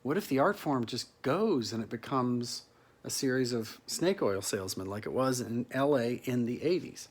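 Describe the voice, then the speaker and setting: A man, an actor, giving a reflective solo monologue to an imagined listener, musing and halting with restarts and soft chuckles. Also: mid-range voice, animated. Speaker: actor performing a solo piece.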